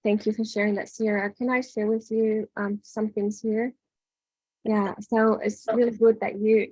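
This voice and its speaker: A woman leading an online workshop as a spiritual coach, giving gentle advice and often asking "right?". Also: medium pitch, breathy edge, no echo, rough recording. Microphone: video call.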